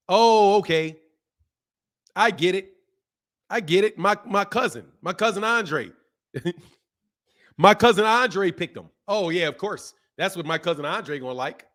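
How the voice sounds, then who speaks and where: Animated high-voiced man ranting casually. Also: measured pace. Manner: animated, repetitive, laughing often. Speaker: boxing channel host. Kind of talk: casual rant.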